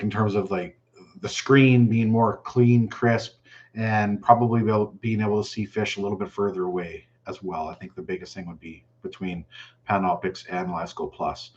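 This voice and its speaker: A man hosting a fishing channel's live chat, reading viewer questions aloud and answering them in a relaxed, chatty way. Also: on the low side, muffled recording. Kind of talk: casual live stream chat.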